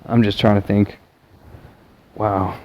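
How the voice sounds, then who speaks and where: A man's voice: on the low side, flat delivery, takes it slowly, muffled recording, a little hiss or hum. A man from the American South talking to camera in a rambling, casual monologue full of fillers and restarts. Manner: meandering, many fillers and restarts. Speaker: vlogger.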